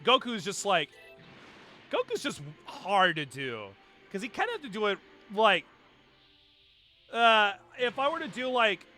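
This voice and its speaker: A man's voice: high voice, very animated, a little slow, pauses often, pushed and bright, soft background music. A man streaming live, chatting casually and rambling about doing character voices. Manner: chatty, rambling with many fillers and restarts. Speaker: livestreamer.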